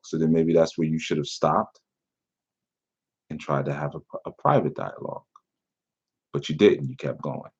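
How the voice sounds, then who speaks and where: A man's voice: very deep voice, big pitch swings, unhurried, long pauses, husky. A man who is a spiritual teacher, reading a message aloud in a casual commentary and breaking off with laughter and sarcastic asides. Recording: dull lo-fi recording.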